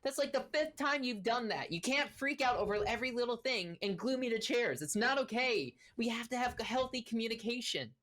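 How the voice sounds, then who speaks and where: A woman's voice: on the high side, lively intonation, a little fast, hardly any pauses, fairly bright tone, voice pushed up. A woman voicing a stern, fussy male gnome king who lectures in a scolding tone.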